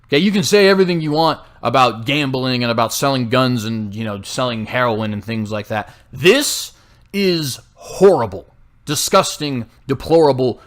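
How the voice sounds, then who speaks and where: A young American man hosting a political commentary show, delivering a heated, sarcastic monologue with frequent "right?" tags. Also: mid-range voice. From United States. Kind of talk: opinionated monologue.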